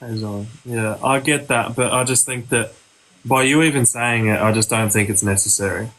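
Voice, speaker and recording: Soft-spoken man calmly disagreeing. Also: mid-range voice, normal speed, poor audio. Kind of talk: calm debate on a live stream.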